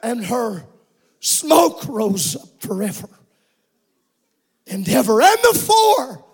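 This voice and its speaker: High-voiced, slow-preaching male pastor. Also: big pitch swings, breathy edge. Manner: preaching with shouted, sung-out passages. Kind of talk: sermon.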